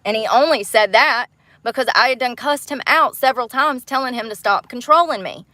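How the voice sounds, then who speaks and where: A woman's voice: on the high side, brisk, pushed and bright, dry recording. A woman hosting a livestream, talking bluntly and angrily to her viewers, with plenty of cursing. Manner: blunt, heated and profane, talks straight to viewers. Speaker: livestream host. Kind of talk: angry livestream rant.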